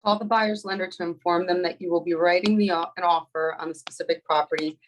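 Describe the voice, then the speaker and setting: Low-voiced woman reading a checklist item. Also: steady tone, fast, low-quality recording. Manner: plain, a few restarts while explaining. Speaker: real estate agent at a training.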